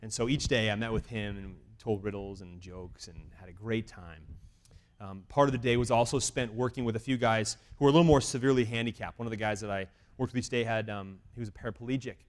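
A man telling a faith testimony as an animated story with self-deprecating humor, swinging between loud exclamations and quiet asides. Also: fairly low pitch, fast. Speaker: speaker sharing a mission testimony. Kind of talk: storytelling talk.

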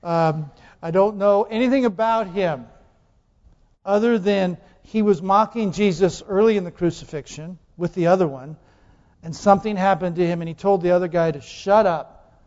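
Speaking at a normal speed, a male pastor questions his listeners and hammers his points through repetition. His voice is high and soft-edged, echoing with long reverb in a big church hall, captured on a muffled, lo-fi recording.

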